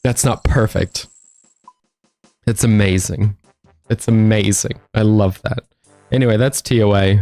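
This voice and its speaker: A man's voice: lowish voice, warm tone, no room sound. A man casually commenting on his own gameplay as a streamer, wry and chatty, talking to himself and his viewers. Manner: wry, talks to himself and chat, laughs often.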